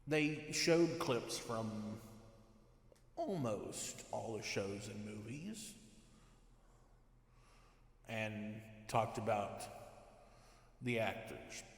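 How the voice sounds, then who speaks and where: A man's voice: fairly low pitch, extremely slow, long pauses. A man giving a rambling, sarcastic, exasperated rant to camera, with many restarts. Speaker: toy collector vlogger. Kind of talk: ranting commentary. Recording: echoey room with long reverb.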